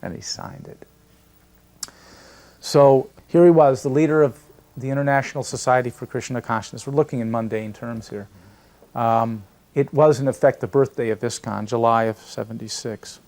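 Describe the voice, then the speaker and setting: An older man telling a personal anecdote in a lively, storytelling way. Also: mid-range voice, moderate pace. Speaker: devotee recalling memories. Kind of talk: storytelling interview.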